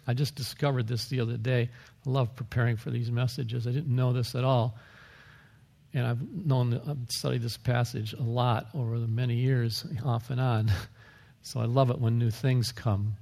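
Male pastor, mid-pitched gravelly voice, chatty sermon delivery, reverberant hall. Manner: conversational preaching with asides and chuckles.

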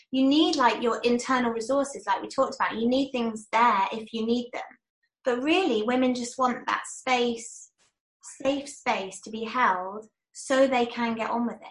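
A woman's voice: fairly high pitch, steady tone, unhurried, roomy sound. A woman with a British accent co-hosting a chat, reflecting thoughtfully on what her guest says. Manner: supportive, reflective interviewer. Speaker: podcast co-host. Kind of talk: casual chat.

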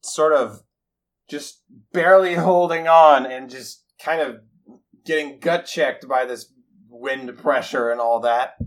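A man's voice: medium pitch, slow pace, rough recording. A man playing a tabletop game, earnestly arguing his point to the group. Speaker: player. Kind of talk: casual tabletop play.

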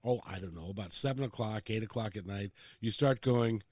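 A man's voice: fairly quick, a little mellow, husky, no room sound. A man hosting a morning talk radio show, enthusiastic and playful, on a studio microphone. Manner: enthusiastic, playful, swoops in pitch.

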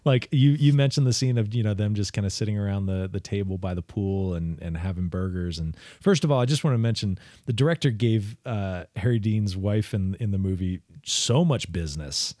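A laid-back man with a lowish voice, rambling through a casual film podcast with plenty of swearing. The sound is dry and close, with no room around it. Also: a little fast, warm tone, dry recording. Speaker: podcast co-host.

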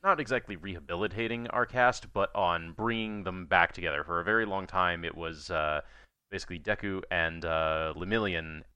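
A man co-hosting a podcast, talking casually about shows in a measured way with frequent fillers. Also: low-pitched, sharp tone, clean tone, no room sound, highs cut off. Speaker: podcast co-host. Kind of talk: casual podcast review chat.

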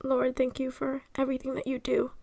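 A woman's voice: high voice, monotone, brisk, gravelly, mellow. A young woman co-hosting a casual faith podcast, chatty and full of fillers. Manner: chatty, filler-heavy phrasing. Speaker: podcast co-host.

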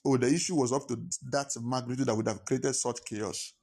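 Male pastor, mid-pitched voice, sermon delivery with repetition and acted-out phone calls. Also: fairly even intonation, fairly quick, darkish tone, slightly rough. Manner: preaching with repetition, acting out phone calls in pidgin.

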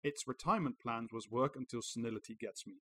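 A man's voice: medium pitch, quick pace, a bit bright, low-quality recording. A man co-hosting a podcast, reading an article aloud and adding sarcastic, profane commentary. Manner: sarcastic, swears freely. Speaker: podcast co-host.

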